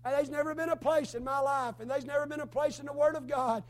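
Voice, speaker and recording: Preacher, male, drawl, strained hoarse voice, very high register, fervent sermon delivery. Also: steady tone, fast, few pauses. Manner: fervent, rising to shouts then dropping low.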